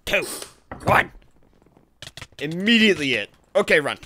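Male gaming host, slightly high voice, excitable and panicky, laughs easily. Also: a little hiss or hum. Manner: panicky, exclaiming, quick to laugh. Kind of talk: casual gaming commentary.

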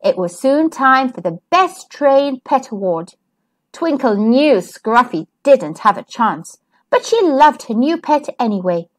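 A woman reading a children's picture book aloud as a storytime host, gentle and expressive. Her voice is high and animated, rising and falling over a wide range. She reads at an unhurried pace. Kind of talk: children's read-aloud narration.

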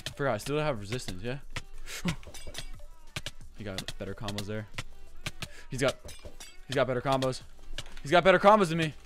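A man giving frantic, excitable live commentary over his own gameplay, swearing often. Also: medium pitch, moderate pace, pauses often, music in the background. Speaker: gaming video creator.

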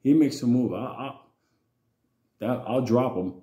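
A man voicing his tough father, speaking gruff, low and threatening. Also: a little slow, warm tone, echoey room, muffled recording, natural voice. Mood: menacing. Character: tough menacing father threatening a big stranger.

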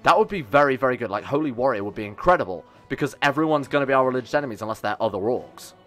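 A man's voice: mid-range voice, lively intonation, racing, fairly bright tone. A young man, chatting casually and joking with his chat while he sets up a strategy game on stream. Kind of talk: live game commentary. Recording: faint music behind.

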